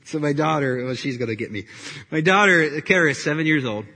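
Bright-voiced pastor joking through a sermon. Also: male voice, a little high, animated, a little fast. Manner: conversational, joking storyteller. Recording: reverberant hall.

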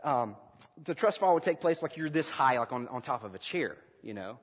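A man's voice: medium pitch, animated, moderate pace, breathy edge, in a large hall. A man preaching a sermon as pastor, telling a story and asking his congregation questions.

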